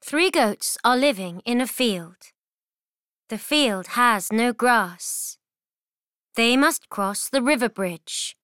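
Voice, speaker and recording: Slow deliberate woman reading a storybook. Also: medium pitch, a bit bright, no echo, clean studio sound. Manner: clear, deliberate, simple phrasing. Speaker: storybook reader. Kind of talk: reading a children's story aloud.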